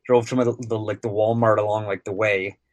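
A man's voice: lowish voice, little pitch movement, fairly quick, no room sound. A sports broadcaster guest, a man in his thirties, telling casual stories on a podcast, rambling with lots of filler words.

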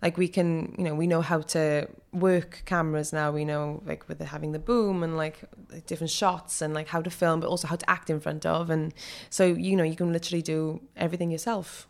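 A woman in her twenties with a Welsh accent, chatting casually as an interview guest, quick and full of fillers, laughing often. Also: low-pitched, fairly even intonation, creaky. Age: 20s. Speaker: guest, actor and singer.

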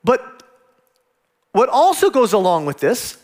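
A man preaching a sermon as pastor, acting out quoted dialogue with lively delivery. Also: very high-pitched, takes it slowly.

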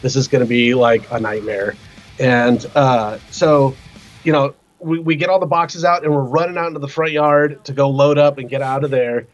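A man telling a rowdy tour story as a guest, swearing freely and acting out the quotes in other voices, sometimes shouting. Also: fairly high pitch, moderate pace, dull audio. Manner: animated, profane, acts out quotes with shouts. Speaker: guest musician. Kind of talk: casual storytelling.

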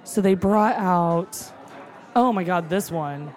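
Speaking slowly at a medium pitch, a cook raves loosely and excitably, full of fillers and some cursing, so moved she's nearly crying. It's a casual conversation, with some chatter audible in the background.

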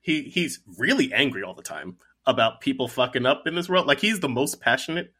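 A man's voice: medium pitch, lively intonation, fairly quick, bright, forceful tone, slightly rough. A man co-hosting a podcast who chats casually about video games in a laid-back, joking way. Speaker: podcast co-host. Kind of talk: casual video game chat.

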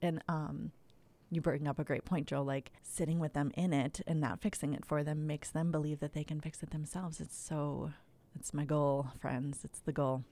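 A woman hosting a casual podcast chat, lively and leading the talk. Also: low voice, moderate pace. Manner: lively, laughs often, leads the talk. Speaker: podcast host.

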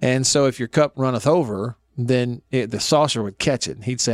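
A man's voice: mid-range voice, normal speed, no room sound. A man in his thirties hosting a radio talk show, telling folksy family stories and laughing often.

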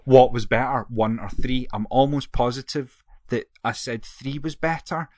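A man's voice: mid-range voice, moderate pace, a little mellow, dry recording, clean studio sound. A man, co-hosting a casual chat and rambling through his opinions, often correcting himself. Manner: rambling, self-correcting, jokey. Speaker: podcast co-host.

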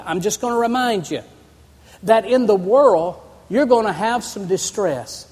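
High-voiced preacher in a reverberant hall. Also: male voice, lively intonation, normal speed, darkish tone, slightly rough. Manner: preaching with call-and-response to the congregation. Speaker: pastor. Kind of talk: sermon. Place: church sanctuary. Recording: long reverb of a church hall.

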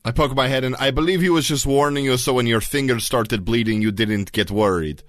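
A man's voice: medium pitch, a little fast, no room sound. A man playing his character in a tabletop game, talking hesitantly with many fillers. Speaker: player.

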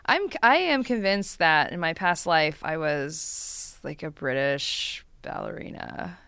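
A woman's voice: low voice, expressive, slow pace, a bit bright, clear, resonant tone, no echo. A woman co-hosting a podcast in casual chat, giggly and chatty with lots of fillers. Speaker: podcast co-host.

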